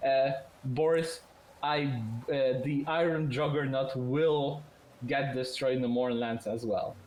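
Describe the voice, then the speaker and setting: A man's voice: medium pitch, fairly even intonation, slow pace, darkish tone, reverberant, a little hiss or hum, rough recording. A man narrating as game master, explaining at length with fillers and restarts. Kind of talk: narrating a tabletop game over voice chat.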